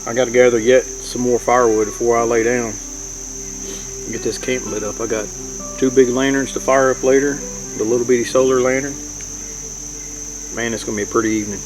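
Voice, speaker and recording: A man's voice: medium pitch, fairly even intonation, fairly quick, long pauses. Guy camping out in the woods, folksy, talks to y'all, music and crickets behind. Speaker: outdoor vlogger. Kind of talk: casual camping vlog narration. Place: outdoors in the woods at a campsite.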